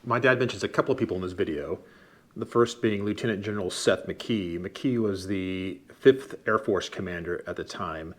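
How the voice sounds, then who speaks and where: A man, the officer's son, explains the history in measured scripted narration. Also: low-pitched.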